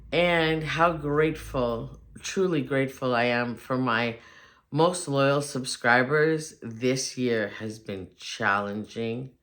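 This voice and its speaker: A woman hosting a home decor channel, talking casually and warmly to her subscribers in a chatty, gushing way. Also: extremely low pitch. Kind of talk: casual vlog talk to subscribers.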